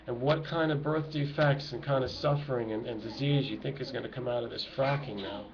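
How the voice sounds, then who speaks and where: Crowd noise sits behind this medium-pitched, slightly fast voice. A middle-aged activist vlogger at home, kids nearby, preaches emotionally and urgently to his viewers, all in a dull, noisy, lo-fi home recording.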